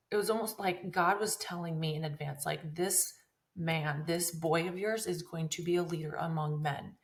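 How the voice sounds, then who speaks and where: A woman in her thirties hosting a podcast, telling a personal story in an emotional, earnest way that rambles with many restarts. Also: on the low side. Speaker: podcast host.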